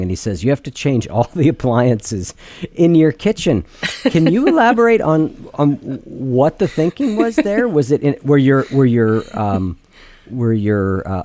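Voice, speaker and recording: A man hosting a podcast interview, asking thoughtful questions and often pausing to search for words. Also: medium pitch, warm tone, dry recording. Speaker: podcast host. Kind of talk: interview conversation.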